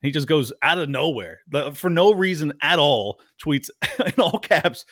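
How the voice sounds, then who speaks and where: A man's voice: fairly high pitch, lively intonation, unhurried, a bit bright, dry recording, clean studio sound. A man appearing as a podcast guest in a casual political chat, ranting in disbelief and laughing often.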